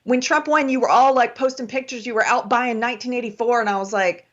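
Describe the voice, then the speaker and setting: A woman's voice: on the high side, fairly even intonation, quick pace, hardly any pauses. A woman co-hosting a political talk show, speaking in an impassioned, pleading way and often stammering and repeating her words. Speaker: co-host. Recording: dull lo-fi audio.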